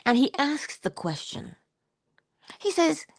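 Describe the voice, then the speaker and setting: A middle-aged woman giving an inspirational spiritual talk in a conversational, expressive way, slipping into little acted-out quotes. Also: sits low, measured pace, breathy edge, no room sound, studio quality. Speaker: inspirational speaker.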